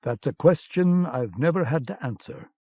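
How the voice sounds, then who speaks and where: A man reading an audiobook, voicing a calm, determined male agent in a firm, steady manner, on a dull lo-fi cassette recording. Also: on the high side, normal speed, slightly rough, dry recording, pitched above the performer's own voice.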